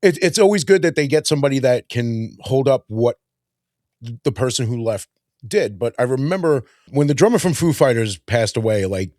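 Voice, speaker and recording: A man co-hosting a podcast in casual chat, jokey and quick to laugh. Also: medium pitch, dry recording, studio quality. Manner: animated, laughs often, jokey. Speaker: podcast co-host.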